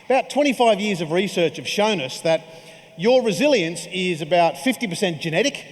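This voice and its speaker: A man in his forties gives a keynote in a loose, joking, conversational manner. His voice sits on the high side. It rings with the long reverb of a big conference hall. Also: animated, brisk. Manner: jokey, conversational storytelling. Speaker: keynote speaker. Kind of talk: keynote speech.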